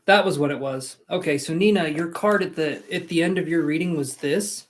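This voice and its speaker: Chatty guy doing live tarot readings, kinda high voice, rambles and jokes about himself. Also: a little fast. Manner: rambling, self-mocking, chatty. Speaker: tarot reader.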